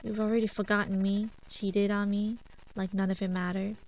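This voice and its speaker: A woman's voice: mid-range voice, flat delivery, normal speed, darkish tone, close to an everyday voice. A woman reading a bitter accusing husband. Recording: background music.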